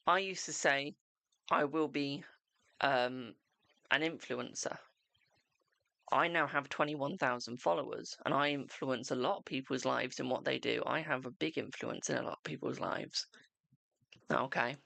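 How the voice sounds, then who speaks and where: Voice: medium pitch, vocal fry, sharp tone, no room sound. A host giving live-streamed tarot readings in a chatty, reassuring way, calling viewers darling.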